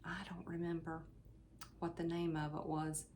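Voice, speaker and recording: A woman hosting her own craft channel, chatting casually at home as she shows her finished projects, often pausing with ums and speaking to viewers as "you all.". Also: low-pitched, monotone, darkish tone, slight background noise. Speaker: cross-stitch channel host. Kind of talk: casual show-and-tell chat. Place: indoors at home, fan running.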